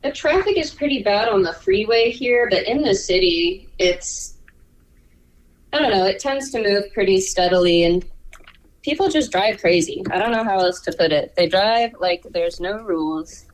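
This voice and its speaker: A woman's voice: mid-range voice, expressive, normal speed, low-quality recording. A young woman, a music student and songwriter, chatting casually and saying "like" a lot. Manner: laid-back, lots of "like". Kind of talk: casual chat.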